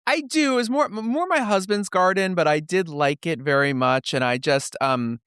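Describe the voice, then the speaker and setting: Lively man hosting, dry sound. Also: high voice, moderate pace, clear, resonant tone, no echo. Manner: lively storyteller, acts out voices. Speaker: podcast host. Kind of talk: casual interview chat.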